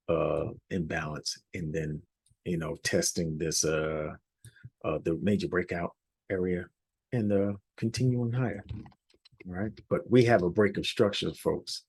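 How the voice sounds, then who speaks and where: A hoarse man presenting a weekly forex outlook over charts, rambling a little and often checking in with "all right?". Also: deep voice, a little mellow. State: hoarse, losing his voice. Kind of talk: unscripted chart walkthrough.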